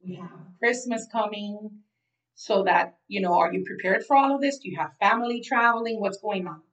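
A woman's voice: medium pitch, moderate pace, fairly bright tone, distant mic, low-quality recording. A young woman from Florida, co-hosting a podcast in casual, chatty conversation and repeating her phrases. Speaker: podcast co-host. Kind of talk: casual chat.

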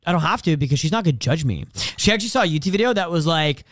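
A young man in a candid, profane podcast chat, racing through his words. His voice sits a little high for a man. The sound is close and dry, with no room around it. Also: animated, dry recording. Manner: fast, profane, confessional, acts out quotes. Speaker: podcast co-host.

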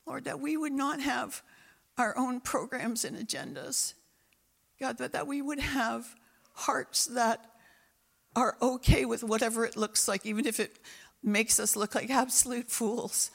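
A woman's voice: on the high side, unhurried, vocal fry. A woman pastor preaching a sermon and praying, impassioned and repeating phrases for emphasis. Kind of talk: sermon with prayer.

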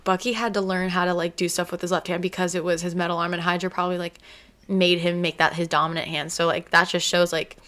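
A woman's voice: fairly low pitch, little pitch movement, fast talker, a bit bright. A woman chatting casually about a TV episode, gushing and giggling, with lots of fillers. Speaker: episode reviewer. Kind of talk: casual chat.

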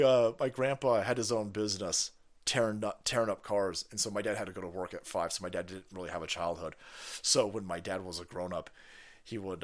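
A man hosting a live stream, chatting casually and profanely, laughing often and reading viewer messages aloud. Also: fairly low pitch. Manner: animated, jumps into loud voices for stories. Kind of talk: casual rambling stream chat.

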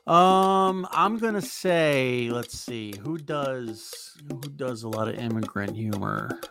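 A man's voice: medium pitch, lively intonation, slow pace, vocal fry, music in the background. A male comedian from New York City, joking around as a podcast guest and stumbling through guesses.

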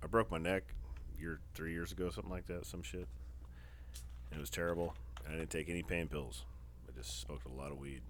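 A man's voice: low voice, fairly even intonation, brisk, pauses often, noisy background. A man hosting a casual podcast, talking loose, profane and laughing with friends. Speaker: podcast host. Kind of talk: casual drunken podcast chat. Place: shop or garage.

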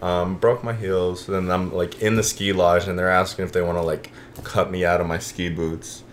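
A young man in his twenties with a lowish voice chats animatedly with a co-host and drops in a casual "bro." His story builds with rising energy. A faint room hiss sits behind him. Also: little pitch movement, moderate pace. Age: 20s. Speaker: podcast co-host. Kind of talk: casual chat.

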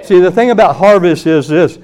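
A man preaching at a church meeting, his voice sitting a little higher than most men's. He tells a story as he preaches and acts out the people in it, jumping up loud for the quoted lines. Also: fairly quick, some chatter behind. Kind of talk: sermon with storytelling.

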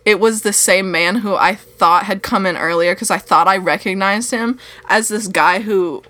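A woman's voice: mid-range voice, moderate pace, bright, forceful tone, no room sound. Sarcastic, profane young woman telling a story. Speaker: podcast co-host. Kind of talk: casual chat.

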